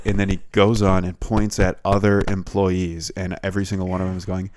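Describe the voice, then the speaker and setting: A man's voice: deep voice, fairly quick, hardly any pauses. A man co-hosting a casual podcast chat, telling stories in a loose, joking way. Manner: animated storyteller, loose and joking.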